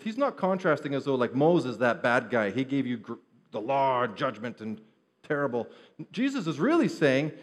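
A man preaching an earnest sermon to his congregation, shifting his pace and stress as he teaches from Scripture. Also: mid-range voice. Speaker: pastor.

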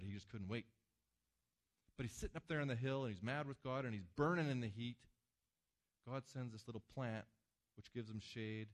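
A man's voice: mid-range voice, moderate pace, pauses often. Emphatic male pastor preaching. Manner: emphatic, dramatic swings between loud and hushed. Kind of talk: sermon with slides.

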